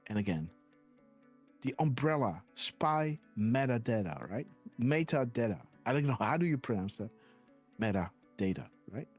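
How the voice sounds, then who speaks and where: A man's voice: medium pitch, sing-song, moderate pace, breathy edge, faint music behind. A man hosting a live decoding stream, rambling and hesitant, often tagging "guys, right?" onto his sentences. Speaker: host.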